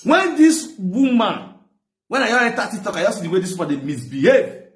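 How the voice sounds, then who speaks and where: A fairly high-voiced Nigerian man hosting his own talk show, ranting excitedly in pidgin mixed with local phrases. His voice jumps up sharply when he gets heated. The sound bounces around an echoey room. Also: a little fast. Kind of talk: animated gossip commentary.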